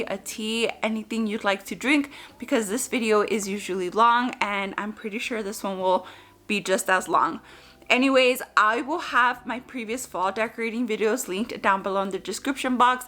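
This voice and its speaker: A woman's voice: fairly high pitch, sharp tone. A young woman chatting to her viewers in a casual home decor vlog, a little out of breath. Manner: chatty, addresses viewers as you guys.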